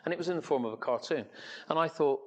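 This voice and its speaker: A man's voice: a little high, fast talker, highs cut off. An older man from England telling a long story to an audience as an entrepreneur speaker, rambling, with many fillers and restarts. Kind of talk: anecdotal talk to an audience.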